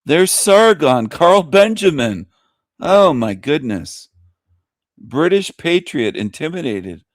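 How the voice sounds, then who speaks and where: A man's voice: on the high side, big pitch swings, slow, no room sound, studio quality. A man hosting a talk show, ranting bluntly and scornfully with lots of profanity and repetition. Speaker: show host. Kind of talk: ranting commentary over clips.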